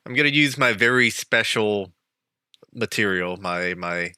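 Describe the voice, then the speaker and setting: A man's voice: fairly low pitch, expressive, unhurried, noisy background. A man playing a tabletop game who gleefully describes his character's plans and keeps giggling. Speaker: player.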